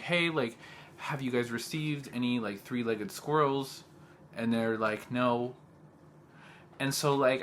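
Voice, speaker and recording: A man's voice: medium pitch, fairly bright tone, a little hiss or hum. A young man, a teacher, telling a personal story in a casual vlog. He talks in an agitated way, says "like" often and quotes the other people in the story. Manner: agitated, heavy use of "like", quotes others in dialogue.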